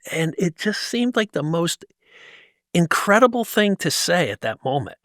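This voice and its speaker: A man's voice: high-pitched, sing-song, unhurried, fairly bright tone, no room sound, studio quality. A man from New Jersey, a guest in an interview, telling a personal story in an intense, emphatic way with frequent restarts. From New Jersey, USA. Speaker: guest, motivational speaker. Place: tent set used for a podcast.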